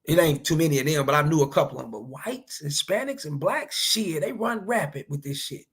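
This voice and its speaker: A man's voice: a little high, expressive, brisk, fairly bright tone, husky. A man giving casual reaction commentary, blunt and profane, lecturing other men with preachy advice. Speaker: commentary vlogger.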